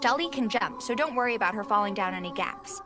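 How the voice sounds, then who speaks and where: A woman's voice: mid-range voice, animated, quick pace, close to an everyday voice. A woman voicing a chatty, scatterbrained young homeowner in a video game, bubbly and apologetic, with game music behind her. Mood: explaining. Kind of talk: studio game voice acting.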